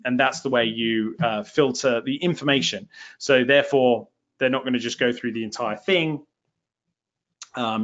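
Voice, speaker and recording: A man's voice: medium pitch, a bit bright, highs cut off. A man with a southern English accent hosting a live webinar for his online course, chatty and self-deprecating, with lots of fillers. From England.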